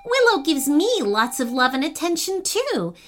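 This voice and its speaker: A woman's voice: high-pitched, sing-song, moderate pace, a bit bright, voice pushed up. A woman voicing Graham, a polite, nervous man with a dog, for a storybook reading. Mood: earnest.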